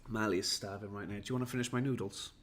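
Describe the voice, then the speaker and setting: A man's voice: lowish voice, fairly even intonation, rapid-fire, a bit bright, slight background noise. A tired, jetlagged man from Wales, rambling and self-mocking as he chats with viewers on a livestream. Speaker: livestream host. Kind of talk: casual livestream chat.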